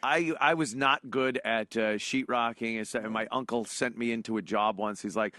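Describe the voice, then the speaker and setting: A man hosting casual comedy chat, bantering with laughs and loud impressions. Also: medium pitch, steady tone, normal speed, hardly any pauses, dry recording. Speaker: show host.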